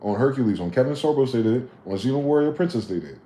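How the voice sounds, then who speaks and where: A man in his late thirties, live-streaming a heated, profane, preachy rant whose loudness swings sharply. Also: mid-range voice, animated, fast talker. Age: late 30s. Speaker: livestreamer. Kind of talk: ranting livestream monologue. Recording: roomy echo.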